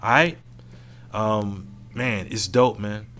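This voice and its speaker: A man's voice: lowish voice, slow, a bit bright. A man hosting his own podcast alone, talking in a frank, profane and reflective way into a mic at home. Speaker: podcast host. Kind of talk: casual solo podcast monologue.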